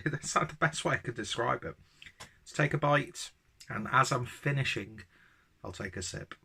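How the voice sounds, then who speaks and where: A man's voice: medium pitch, moderate pace, gravelly, pushed and bright, husky. A man giving a casual, enthusiastic beer tasting review, rambling with ums and joking at his own expense.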